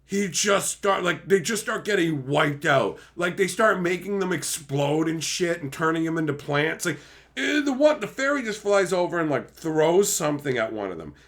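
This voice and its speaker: Animated, bright-voiced male streamer. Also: fairly high pitch. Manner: animated and profane, slips into quick silly impressions. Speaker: livestream host. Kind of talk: casual livestream chat, reading viewer messages.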